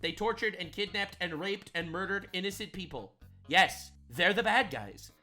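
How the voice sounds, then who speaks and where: A man giving sarcastic, mocking reaction commentary on a video clip, excitable and quick to ridicule. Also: high voice, faint music behind. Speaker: commentary YouTuber.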